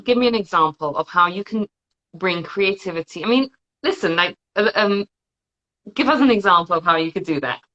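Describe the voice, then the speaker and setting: Bright-voiced woman on a dull lo-fi call. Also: lowish voice, a little fast. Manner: lively, stumbling restarts, repeats words. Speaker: podcast host, interviewer. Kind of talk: casual video-call interview.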